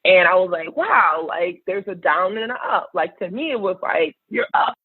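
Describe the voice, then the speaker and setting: A woman's voice: lowish voice, fairly quick, breathy edge, dry recording. A woman guest in a podcast interview, talking in an earnest, reflective way. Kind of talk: casual interview talk. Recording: tinny phone-like line.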